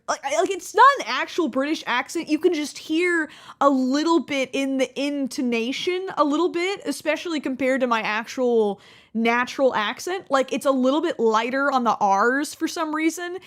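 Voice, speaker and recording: Rambling young woman with a high voice. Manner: rambling, many restarts and laughs. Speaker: YouTuber host. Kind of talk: casual reaction commentary.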